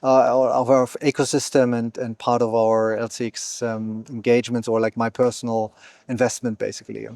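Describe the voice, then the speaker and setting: A man's voice: mid-range voice, flat delivery, moderate pace, vocal fry, darkish tone, no echo, studio quality. A man being interviewed as a company founder, talking fluently but with many fillers and restarts. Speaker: exchange founder, guest. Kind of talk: conversational interview. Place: event venue.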